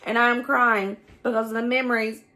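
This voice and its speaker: A woman's voice: a little high, flat delivery, normal speed, pushed and bright. A middle-aged woman with a Southern US accent, chatting nostalgically through a casual home cooking vlog and laughing often. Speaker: cooking vlogger.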